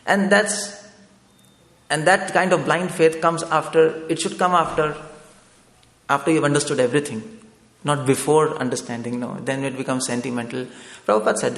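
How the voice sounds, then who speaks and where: A man's voice: on the high side, moderate pace, gravelly, fairly bright tone. A man preaching a discourse in a temple hall, questioning his listeners step by step and often asking them to agree. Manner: asks the audience for agreement with "no?". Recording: echoey hall with long reverb.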